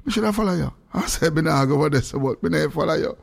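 Male radio host, slightly high voice, animated patois storyteller. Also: very fast, vocal fry. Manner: animated storytelling with sudden high-pitched outbursts. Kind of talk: casual radio chat.

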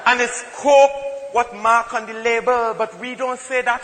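A man's voice: very high-pitched, fairly even intonation, unhurried. A man with a Trinidadian accent performing stand-up comedy in an emphatic, playful storytelling manner. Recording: hall reverb, faint ambient noise.

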